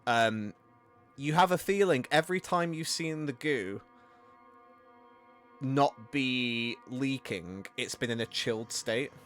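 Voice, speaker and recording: A man's voice: mid-range voice, slow pace, a bit bright, faint music behind. A man running a tabletop game as game master, narrating casually with many fillers and restarts.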